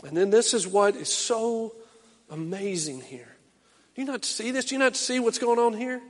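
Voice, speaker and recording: A middle-aged male pastor preaching a sermon, swinging from loud impassioned calls to low, quiet urging. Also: expressive, moderate pace, long reverb tail.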